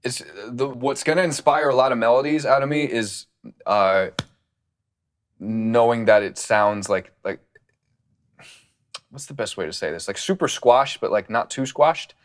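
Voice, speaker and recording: A man talking casually through his studio process as a music producer, relaxed and rambling with plenty of fillers, on a studio condenser mic. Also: medium pitch, a little slow, long pauses.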